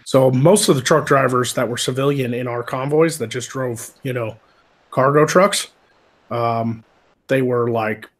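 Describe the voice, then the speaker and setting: Man, podcast co-host, casual rambling chat, profane, mid-pitched. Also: a little slow. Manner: rambling, profane, many restarts. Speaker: podcast co-host, military veteran.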